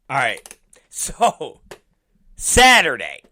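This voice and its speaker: A man's voice: mid-range voice, huge pitch swings, extremely slow, pushed and bright. A male show host rambling profanely in a casual podcast rant.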